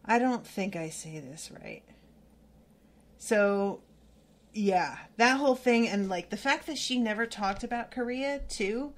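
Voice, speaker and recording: A woman's voice: medium pitch, animated, measured pace. A woman hosting a casual book-club podcast who talks earnestly and stumbles and restarts when moved. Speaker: podcast host.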